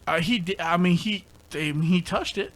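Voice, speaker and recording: A man's voice: sits high, moderate pace, a bit bright. Profane, rambling young man storyteller. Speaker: podcast co-host. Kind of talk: casual chat, storytelling.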